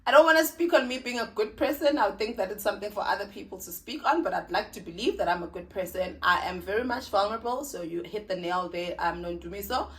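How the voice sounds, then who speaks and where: A woman's voice: mid-range voice, lively intonation, fast talker, hardly any pauses. A young South African woman with a South African accent, chatting casually and emotionally to camera as a vlogger, laughing often. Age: young adult.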